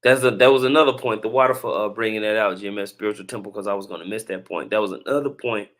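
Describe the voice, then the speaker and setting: A man's voice: on the low side, fast, fairly bright tone. A man hosting a casual religious commentary, chatty and preachy, with chuckling asides between clips.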